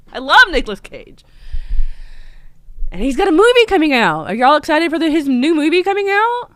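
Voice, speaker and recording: A chatty woman hosts a live stream from her own store. Her voice is bright and lively, swinging up and down in pitch. The sound is dry and close. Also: normal speed, long pauses, dry recording. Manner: chatty, lots of ums, excitable. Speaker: shop owner hosting a livestream. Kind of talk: casual live stream chat.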